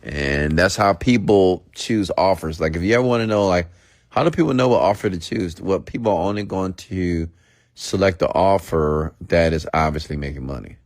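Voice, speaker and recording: Host, male, very low voice, loose unscripted rant, dry close sound. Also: normal speed, no echo. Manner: casual, repetitive, peppered with "okay?" and "get it?". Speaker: online marketing host.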